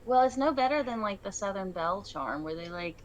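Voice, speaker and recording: A woman's voice: medium pitch, animated, a little fast, rough recording. A woman chatting casually as she runs a tabletop game, rambling and laughing. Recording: faint background noise.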